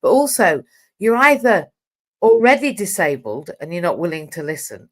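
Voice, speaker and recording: A woman's voice: lowish voice, sing-song, normal speed. Rambling, jokey woman host. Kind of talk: casual interview chat.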